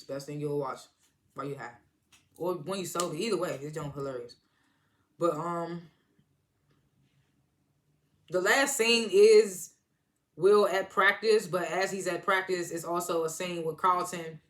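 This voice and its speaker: A chatty reviewer recaps a TV episode in a casual, rambling way, full of asides and restarts. The delivery is animated and keeps slipping into quoted lines. The voice sits at an ordinary middle pitch. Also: a little hiss or hum.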